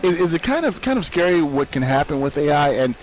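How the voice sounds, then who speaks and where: A man's voice: fairly high pitch, big pitch swings, fast talker, poor audio. A man hosting a tech show, asking long, rambling questions in an on-site interview.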